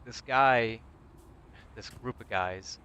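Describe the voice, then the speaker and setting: A man with a bright, forceful voice spins stories in casual chat and jumps into the voices of the people he quotes. A faint hum of background noise sits under his voice. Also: mid-range voice, takes it slowly, dull audio. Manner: animated, acts out quotes. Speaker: gaming streamer.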